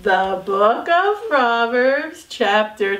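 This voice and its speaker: A woman's voice: on the high side, sing-song, extremely slow, fairly bright tone, echoey room. A woman teaching a children's Bible lesson with a puppet, patient and playful.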